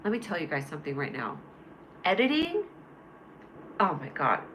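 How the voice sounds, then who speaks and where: Low-pitched yet bright and forceful, this livestream host talks fast with lively intonation over slight background noise. She rambles bubbly and casual, reading her chat aloud and replying to viewers by name.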